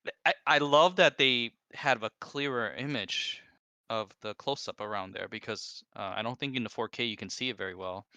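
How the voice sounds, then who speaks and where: A man telling lively work stories in casual chat, bursting into high mimicked voices. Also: moderate pace, smooth, no echo. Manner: animated storyteller, mimics coworkers in high squeaky voices. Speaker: animator guest.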